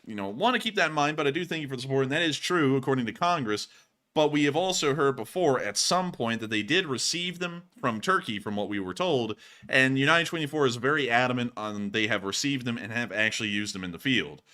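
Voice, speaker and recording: Bright-voiced male stream host. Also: medium pitch. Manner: chatty, explanatory, thanks donors. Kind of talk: casual live-stream chat.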